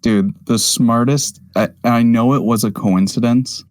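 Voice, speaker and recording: A man co-hosting a podcast, chatting casually with quick, opinionated, joking asides. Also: mid-range voice, fairly even intonation, darkish tone, no echo. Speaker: podcast co-host. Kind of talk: casual chat.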